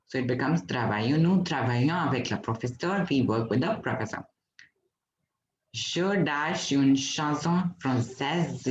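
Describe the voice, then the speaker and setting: A man from India teaches an online class at an unhurried pace, with patient step-by-step explaining. His voice sits at a middle pitch. The recording is roomy and dull, with a faint hiss underneath. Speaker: French teacher.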